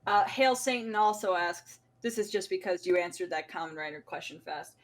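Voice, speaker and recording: A woman hosting a casual podcast chat, animated and quick to laugh, restarting her sentences as she talks. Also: on the low side. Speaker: podcast host.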